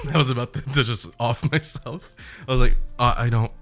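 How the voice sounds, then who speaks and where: Brief: young male streamer, mid-pitched, animated and foul-mouthed, casual storytelling. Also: normal speed, faint music behind. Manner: animated, profane, laughing retelling.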